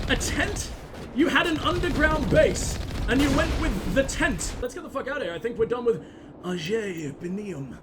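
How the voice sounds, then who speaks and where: A young man doing crude, joking, excitable gaming commentary. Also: extremely high pitch, background noise.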